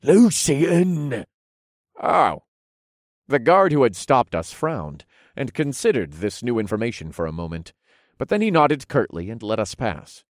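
A man with a low voice narrates a first-person fantasy audiobook, wry and lively, his pitch rising and falling freely. The studio sound is dry, with no room around it. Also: moderate pace, no echo.

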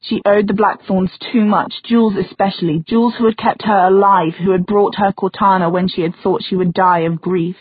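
A woman's voice: medium pitch, fairly even intonation, normal speed, few pauses, breathy edge, dry recording. Woman narrating over a thin phone-like line. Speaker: audiobook narrator. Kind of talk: scripted fantasy narration. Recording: dry, phone-like narrow sound.

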